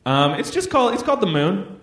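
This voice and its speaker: A man's voice: high voice, sing-song, fast, a bit bright. A man in casual comedic podcast chat, playful and rambling, laughing often. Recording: roomy echo.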